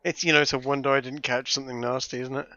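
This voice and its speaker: A man's voice: medium pitch, level tone, racing, bright, forceful tone, slight background noise. A man, hosting a casual game playthrough with joking, swearing banter. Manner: joking, swearing, self-mocking. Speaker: gaming host. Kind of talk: casual let's-play chat. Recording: dull lo-fi mic.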